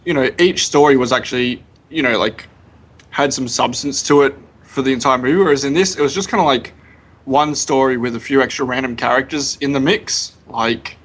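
A man with a husky, slightly breathy voice chats casually about films on a podcast. He hedges a lot, stringing thoughts together with "like" and "you know", at an ordinary middle pitch. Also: fairly quick, a bit bright. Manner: loose, hedging with "like, you know". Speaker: podcast co-host. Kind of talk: casual film review chat.

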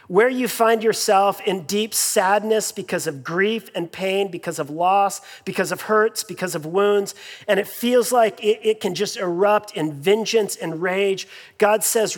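A man delivers a sermon in a church sanctuary, his voice sitting high for a man. He talks to the congregation in an easy, conversational way, full of fillers and repeated phrases. His words ring out with a long reverb from the big hall. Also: unhurried. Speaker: pastor.

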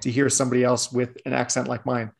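A man's voice: medium pitch, level tone, fast, creaky. A man with a Long Island accent in a casual sports chat, laid-back and wry.

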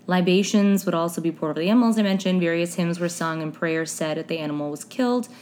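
A young woman with a fairly low voice hosts a relaxed podcast, reading history notes aloud at a fast clip and slipping dry, joking asides between the facts. She stumbles over unfamiliar names, and there's a little hiss or hum in the audio.

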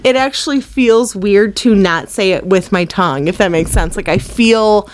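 A woman's voice: mid-range voice, normal speed. A young woman co-hosting a casual movie review podcast, talking animatedly and saying like a lot. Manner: animated, says like a lot, laughs often. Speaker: podcast co-host.

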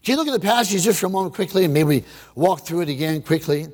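A male preacher tells his story with theatrical swings from loud shouts to near whispers, stopping to quiz the crowd. His voice sits high for a man. The sermon echoes with a long reverb in a big hall. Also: lively intonation, quick pace. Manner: dramatic, swings from shouting to hushed, asks the crowd questions.

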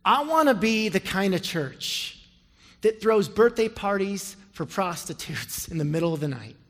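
A man preaching a sermon as pastor, telling a story and leading prayer, building from quiet storytelling to loud impassioned appeals. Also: sits high, very animated, measured pace, big-room sound. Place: large church sanctuary.

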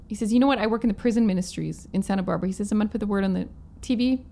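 A woman from Manitoba, a guest musician, tells a story in a casual interview, with a touch of vocal fry in her mid-pitched voice. She acts out the quoted lines in her own voice. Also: very fast, mellow. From Manitoba, Canada. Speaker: guest musician, violinist and singer.

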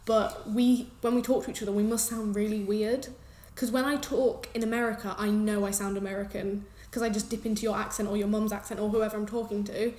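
A woman with an English accent co-hosting a podcast in casual, chatty talk, quick and quick to laugh. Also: mid-range voice, steady tone, a little mellow, echoey room. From England. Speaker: podcast co-host. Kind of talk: casual chat.

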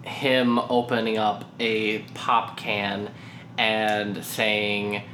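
Young dude talking real slow and dry, teasing his buddies, echoey room. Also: fairly low pitch, completely flat delivery, pushed and bright, slight background noise. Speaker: podcast co-host. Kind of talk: casual chat among friends.

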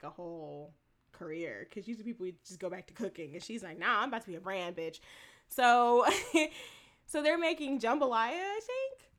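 A woman co-hosting a casual chat, retelling a TV episode with lots of laughter and profanity. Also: mid-range voice. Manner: animated, laughing, profane storytelling. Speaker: podcast co-host.

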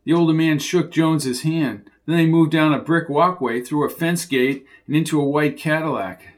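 A man's voice: on the high side, moderate pace. Man narrating a crime audiobook. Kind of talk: scripted narration.

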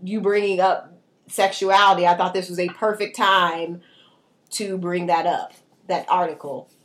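A woman's voice: on the low side, steady tone, measured pace. A woman co-hosting a casual podcast chat, conversational and questioning, saying "like" often. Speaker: podcast co-host.

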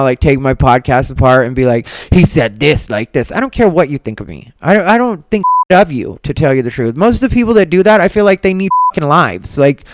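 A defiant woman holds forth on her own podcast, talking bluntly and refusing to soften anything. Her voice is smooth and clear. The sound is dry and close, with no room echo. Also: lowish voice. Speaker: podcast host. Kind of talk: opinionated solo podcast monologue. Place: Las Vegas.

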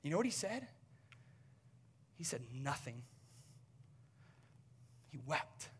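A man preaching a sermon as pastor, moving between loud urgent appeals and hushed, almost whispered passages, and acting out short exchanges with the people he describes. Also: on the high side, sing-song, slow, slight background noise. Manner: acts out short quoted exchanges.

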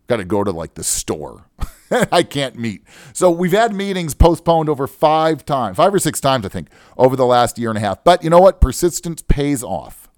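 A man's voice: mid-range voice, normal speed, no echo, clean studio sound. A middle-aged man hosting a casual solo radio talk show about money, digressive and joking, saying he is wound up. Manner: animated, digressive, joking, self-described wound up. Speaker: radio show host, financial adviser. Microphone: studio microphone.

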